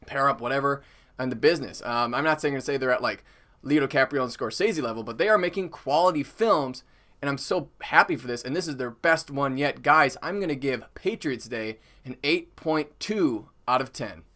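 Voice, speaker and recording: A man's voice: mid-range voice, normal speed, sharp tone. A young man giving a casual, chatty movie review, full of fillers.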